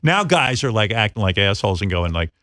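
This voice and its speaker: Blunt, animated male radio host. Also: fairly low pitch, a little fast, dry recording, studio quality. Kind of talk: talk radio banter and live ad read.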